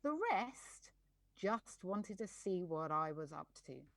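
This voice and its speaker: A woman's voice: on the low side, takes it slowly, fairly bright tone, no echo. A woman, a podcast guest and life coach, talking candidly and bluntly, given to ranting and swearing. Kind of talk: candid conversational chat.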